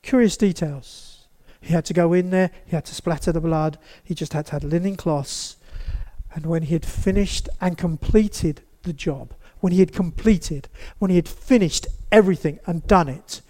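A male preacher with a notably high voice delivers a lively sermon in a church. He speaks straight to the congregation and acts out small scenes as he goes. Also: normal speed. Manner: animated, acts out quotes, addresses the congregation directly.

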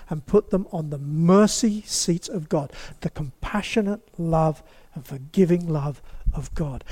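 A man preaching a sermon to a congregation in a church, talking to them directly and acting out little scenes as he goes. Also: fairly high pitch. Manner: animated, acts out quotes, addresses the congregation directly.

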